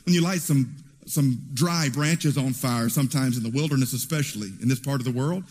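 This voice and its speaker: A man preaching a sermon in an animated storytelling way, heard in a church hall with reverb. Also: mid-range voice, brisk, a little hiss or hum. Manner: animated storytelling with acted quotes.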